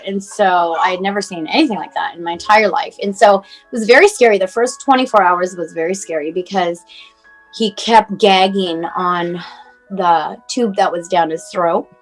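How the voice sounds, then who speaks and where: Woman, 40s, guest over a video call, unscripted and emotional, halting delivery full of fillers, faint music underneath. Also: medium pitch, rough recording. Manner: emotional, halting, many fillers, near tears at times. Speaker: mother telling her son's story as guest. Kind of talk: personal storytelling, casual and unscripted.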